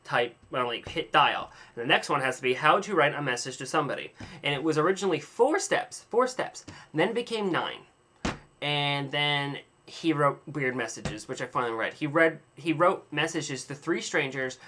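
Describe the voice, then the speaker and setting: Bright-voiced young man rambling to camera. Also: on the high side, animated, normal speed, a little hiss or hum. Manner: dramatic, exaggerated storytelling; playfully self-mocking. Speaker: vlogger. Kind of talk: casual rambling monologue.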